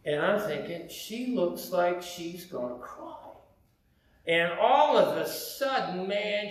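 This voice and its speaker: A man telling a story in a sermon, animated, acting out the dialogue he quotes. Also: sits high, takes it slowly. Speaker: preacher. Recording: very echoey room, faint background hum.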